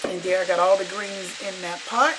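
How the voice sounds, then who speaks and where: A woman's voice: medium pitch, steady tone, moderate pace, noisy background. A woman, narrating her home cooking video in a homey, repetitive way. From Carolina, US. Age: 60s. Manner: homey, repeats herself, folksy grammar. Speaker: home cook.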